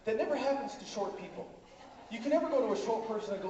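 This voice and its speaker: High-voiced comic in an echoey hall. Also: male voice, expressive, quick pace, background noise. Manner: rambling, filler-heavy, crowd work. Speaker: stand-up comedian. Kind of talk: live stand-up comedy. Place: conference hall stage. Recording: echoey hall, distant, dull lo-fi.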